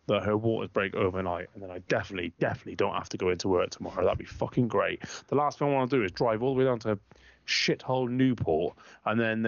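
A man with a low, gravelly voice chats loosely on a podcast, rambling through stories full of swearing. He jumps into other people's lines with a raised voice. The recording sounds dull and dry. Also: dry recording. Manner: rambling storyteller, animated, quoting others in raised voice. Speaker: podcast co-host. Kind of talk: casual banter, swearing.

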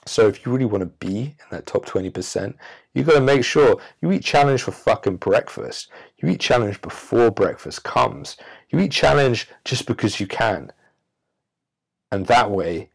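A man with a very low, gravelly voice delivers a self-help monologue straight into the mic. He talks emphatically and preachily, stretching out pauses for effect. His deep register carries a rough, fry-laden edge. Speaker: podcast host. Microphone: audio-only recording.

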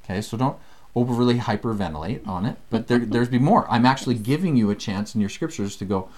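A man's voice: medium pitch, fast talker. Man teaching a casual scripture lesson. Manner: animated, acts out quoted voices.

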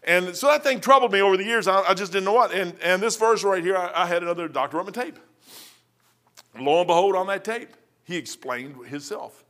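Preacher, male, high and bright, animated testimony with loud bursts and stammers. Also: fairly quick. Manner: animated storytelling with sudden loud outbursts. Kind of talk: testimony sermon.

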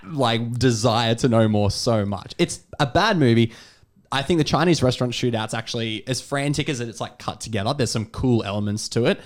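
A man in casual podcast chat about films, giggling through rambling, self-mocking takes. His voice sits in an ordinary middle pitch. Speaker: podcast co-host. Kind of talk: casual movie review chat.

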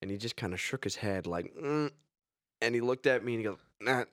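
A man's voice: on the low side, rapid-fire, fairly bright tone, a little hiss or hum. A man chatting on a casual podcast, blunt and profane in a dry, offhand way. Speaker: podcast co-host. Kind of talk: casual chat.

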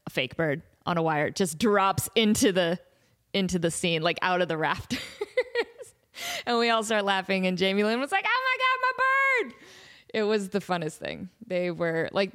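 Bubbly woman host telling stories. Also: lowish voice. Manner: bubbly, animated, giggly. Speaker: podcast host. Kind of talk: casual storytelling.

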